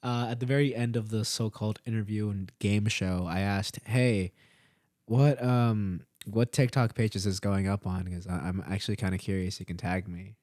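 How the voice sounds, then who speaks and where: A man's voice: on the low side, normal speed, no echo, clean studio sound. A man in his early twenties co-hosting a podcast, telling a rambling, swear-heavy story and acting out the quotes. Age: early 20s. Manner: profane, rambling, animated retelling with acted-out quotes. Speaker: podcast co-host. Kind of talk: casual storytelling chat.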